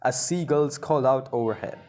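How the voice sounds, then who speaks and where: A man's voice: mid-range voice, normal speed, a little mellow. A man reading an interactive story game aloud as narrator, breaking off for chatty asides and laughs.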